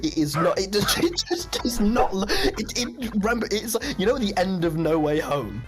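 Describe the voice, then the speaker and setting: A young man casually telling a rambling story on a stream, laughing often and jumping up in pitch when he recounts his shock. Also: sing-song, moderate pace, faint music behind.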